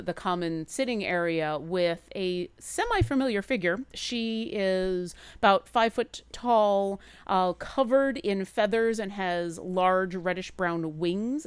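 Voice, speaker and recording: A woman narrating a tabletop game as game master in a relaxed, storytelling way. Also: on the low side, clean tone, dry recording.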